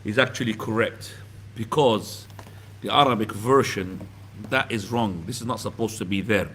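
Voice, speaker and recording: A man's voice: on the low side, normal speed, a bit bright, a little hiss or hum. A man teaching a small class, patiently explaining and often asking whether the student understands. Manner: patient, asks checking questions. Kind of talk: classroom lesson. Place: mosque classroom.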